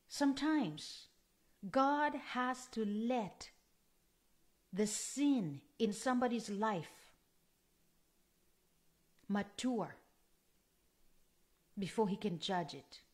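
A woman's voice: on the high side, lively intonation, extremely slow, long pauses. Earnest woman preaching a sermon. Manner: earnest, emphatic, repeats for stress.

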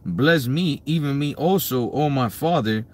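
A man with a husky voice reads archaic verses aloud, slowly and with care. His reading is plain and steady, and he sits a little away from the microphone. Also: medium pitch. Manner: slow, careful reading. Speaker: Bible study partner.

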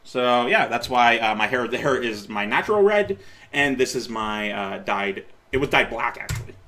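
A man's voice: mid-range voice, expressive, moderate pace, pushed and bright, a little hiss or hum. A man in his late twenties, rambling and self-correcting as he comments on his old video, laughing at himself and offering encouragement. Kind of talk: casual reaction commentary.

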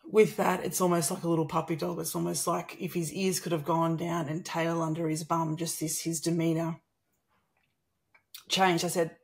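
Aussie woman in her 30s, slightly low voice, animated storyteller who acts out what people said. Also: moderate pace, creaky. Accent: Australian. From Australia. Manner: animated, acts out quoted dialogue. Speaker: guest. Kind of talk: personal storytelling in conversation.

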